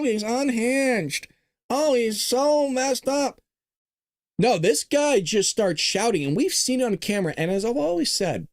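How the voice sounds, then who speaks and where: A man's voice: sits high, no echo, clean studio sound. Sarcastic male political commentary host. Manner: animated, sarcastic, laughing asides.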